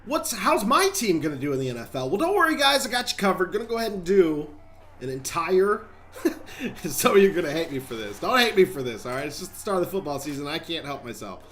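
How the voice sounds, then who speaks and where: A man's voice: a little high, very animated, fast, a bit bright, slight background noise. A man hosting a gaming channel, giving chatty, rambling gameplay commentary and talking straight to viewers.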